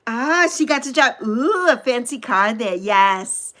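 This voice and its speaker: A woman in her sixties hosting a casual livestream, chatting with viewers and gushing over them with drawn-out coos. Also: a little high, expressive, a bit bright. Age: 60s. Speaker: livestream host. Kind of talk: casual livestream chat reading viewer comments.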